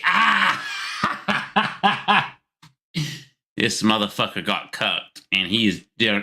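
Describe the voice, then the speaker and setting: A man's voice: lowish voice, gravelly, pushed and bright. A man hosting a live call-in show, giving blunt and crude commentary.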